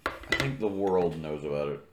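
A man co-hosting a podcast, making deadpan wisecracks while watching wrestling. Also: rumbling low, moderate pace, noisy background. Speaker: podcast co-host. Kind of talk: casual chat watching wrestling. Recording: roomy echo.

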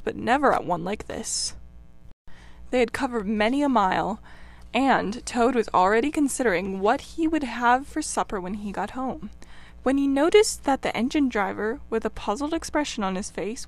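A woman narrating a classic children's novel in an expressive, dramatic reading. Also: fairly high pitch. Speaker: audiobook narrator. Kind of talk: storybook narration.

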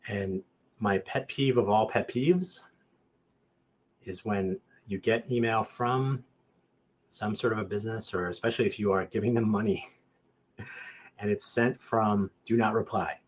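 Husky man in casual chat. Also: lowish voice, unhurried, pauses often. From Southern Nevada. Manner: rambling, restarts sentences, rises in loudness when animated. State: hoarse, clearing throat.

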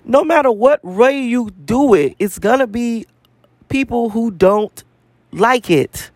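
Man, high-pitched, profane repetitive rant, dry close sound. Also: slow, darkish tone, dry recording. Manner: profane, emphatic, repeats phrases for emphasis. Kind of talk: casual spiritual rant to camera.

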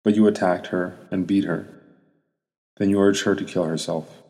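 A low, mellow-voiced man reading as an elderly holy monk who counsels softly and evenly, in a plain storybook telling. Long reverb trails each phrase. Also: fairly even intonation. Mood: rebuking. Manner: soft and measured. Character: gentle elderly monk priest, stern when rebuking.

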